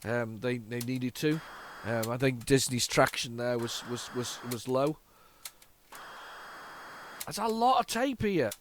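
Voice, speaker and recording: A man's voice: mid-range voice, lively intonation, slow pace, long pauses, background noise. A man from the UK hosting a retro computing video, chatting nostalgically and stumbling over repeated words and false starts as he loads an old cassette. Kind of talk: casual solo commentary.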